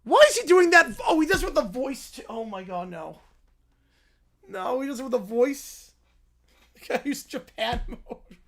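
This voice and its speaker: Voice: sits high, animated, normal speed, long pauses, a bit bright. A streamer reading a fan story aloud, breaking off with incredulous, laughing reactions and putting on voices for the quotes.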